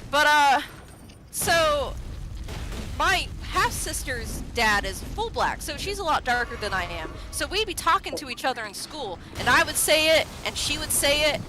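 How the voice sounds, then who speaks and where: A woman streamer telling a story in casual chat, animated, laughing and swearing freely. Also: high voice, measured pace, background noise.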